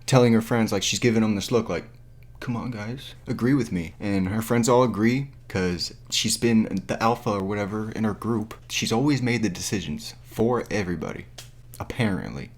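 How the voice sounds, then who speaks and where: A young man vents into his camera with a casual, foul-mouthed, exasperated energy. His voice sits on the low side, and he talks with animated disbelief. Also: normal speed. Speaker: vlogger. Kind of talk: casual movie review rant. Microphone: camera mic.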